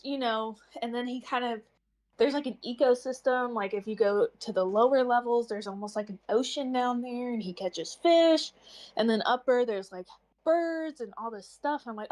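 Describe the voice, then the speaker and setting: A woman's voice: fairly high pitch, moderate pace. A young woman co-hosting a book club stream, talking animatedly in a casual chat and acting out lines from the story. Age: young adult. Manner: animated, acts out characters' lines with lots of "like".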